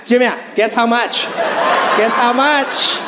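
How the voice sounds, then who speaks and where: A man's voice: very high voice, steady tone, takes it slowly, very noisy. A man voicing a bargain-proud immigrant mother who keeps repeating herself and pushing for a guess. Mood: insistent. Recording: live stage with crowd laughter.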